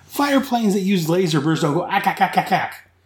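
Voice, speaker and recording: A man's voice: sits high, lively intonation, fairly quick, reverberant, pitched above the performer's own voice. A man voicing a manic, gleeful male clown fighter in a squealing, cartoonish way. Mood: scolding.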